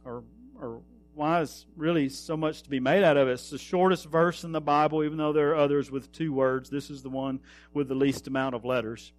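High-pitched preacher man. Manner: earnest preaching, slows for emphasis, trails off softly. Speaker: pastor. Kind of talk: sermon.

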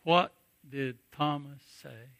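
A middle-aged man preaching a sermon, telling stories and swinging from hushed asides to booming emphasis. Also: slow, gravelly, no echo.

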